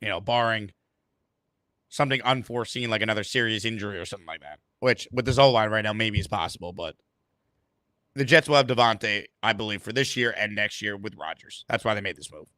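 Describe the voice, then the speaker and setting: A man's voice: fairly low pitch, brisk, pushed and bright, no echo. A man hosting a sports talk show, upbeat and emphatic as he takes calls.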